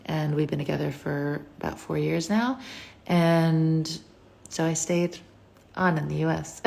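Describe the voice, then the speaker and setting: A woman's voice: low voice, vocal fry. A young woman from the US, casually chatting on a phone live stream and answering viewer questions in a rambling way, with lots of fillers. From United States.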